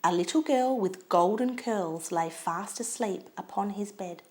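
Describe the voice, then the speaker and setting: A woman reading a children's storybook aloud in an expressive, lilting way. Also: medium pitch, a little slow.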